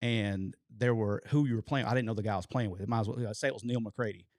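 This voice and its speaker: A man, co-hosting a show and telling a long story in an animated way, swearing casually. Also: fairly low pitch, quick pace, dry recording, studio quality. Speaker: co-host telling a coaching story.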